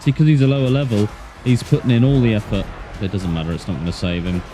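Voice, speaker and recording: A man's voice: lowish voice, fairly even intonation, fast talker, dark tone, faint music behind. A man streaming a game with casual, playful, self-mocking chat in a put-on Australian accent. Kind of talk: casual gameplay commentary.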